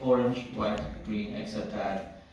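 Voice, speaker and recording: Italian-born male stand-up with American accent, deadpan, slow, roomy club sound heard from far back. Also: fairly low pitch, slight background noise. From Italy. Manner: deadpan with halting restarts. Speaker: stand-up comedian. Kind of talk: stand-up comedy set. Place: comedy club stage. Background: audience laughter.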